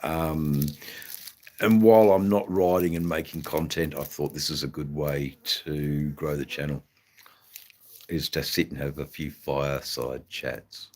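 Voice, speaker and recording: Deep, slow-talking Australian man. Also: steady tone, a little mellow. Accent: Western Australian. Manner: rambling, halting, many fillers. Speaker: motorcycle channel host. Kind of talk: casual live-stream chat. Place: indoors in front of a flag backdrop. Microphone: phone.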